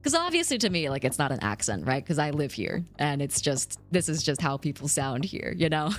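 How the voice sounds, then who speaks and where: A woman around thirty streams and chats casually, reading out messages from her viewers. Her voice sits low but swings widely in pitch when she gets animated. Faint music plays under her talk. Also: a little fast. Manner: reads chat aloud, animated, laughs often. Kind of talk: casual chat with live chat.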